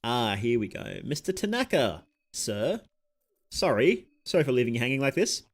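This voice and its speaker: A man's voice: medium pitch, big pitch swings, moderate pace. An Australian man streaming a game, rambling casually and breaking off mid-thought to comment on what he is doing. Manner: rambling and chatty, with self-interrupting asides. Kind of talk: casual gameplay chat.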